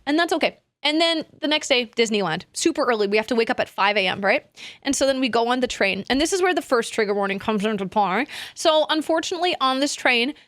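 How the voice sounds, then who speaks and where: A young adult woman streaming, chatting casually in a rambling, animated way that trails off into asides. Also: high-pitched, dry recording, studio quality. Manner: rambling, animated, self-interrupting with laughs. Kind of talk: casual chat.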